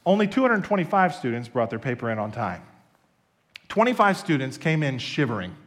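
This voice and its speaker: A man pastor preaching a sermon, telling stories in an animated, emphatic way. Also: medium pitch, brisk.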